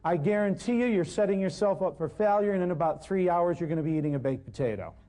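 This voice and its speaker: A man lecturing on natural healing to a live audience, animated and joking, acting out exchanges with patients and hammering points home by repeating them. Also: high-pitched, fast. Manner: emphatic, repeats points for effect. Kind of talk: live seminar talk to an audience.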